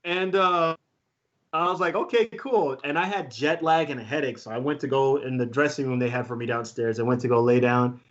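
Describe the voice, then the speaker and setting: Excitable man telling a story. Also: mid-range voice, a little fast, highs cut off. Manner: excitable, laughs often, many fillers. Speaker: guest beatboxer. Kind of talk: casual storytelling.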